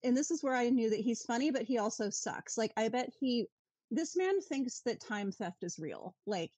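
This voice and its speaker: A woman co-hosting a podcast in a casual chat, wry and sweary with quick asides. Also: a little high, animated, a little mellow, husky, dry recording. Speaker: podcast co-host.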